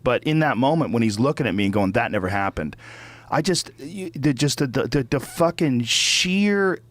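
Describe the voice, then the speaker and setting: A man's voice: medium pitch, lively intonation, normal speed, dry recording. A middle-aged man hosting a podcast, telling a story as a casual, profane rant that gets heated and repetitive. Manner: profane, heated, repeats himself when worked up. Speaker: podcast host.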